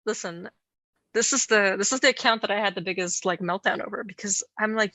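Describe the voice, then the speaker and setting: A woman's voice: mid-range voice, brisk, creaky, sharp tone, no echo. A woman co-hosting a podcast, telling folklore in casual chat with playful asides and frequent laughter. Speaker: podcast co-host.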